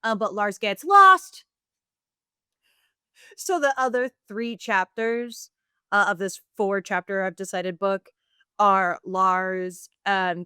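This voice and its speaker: A woman co-hosting a casual podcast, spinning a silly story with plenty of "like" and "um." Her voice is smooth and clear, recorded dry on a close mic. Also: medium pitch, fairly bright tone, dry recording. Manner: playful storytelling, lots of fillers. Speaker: podcast co-host. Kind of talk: casual chat.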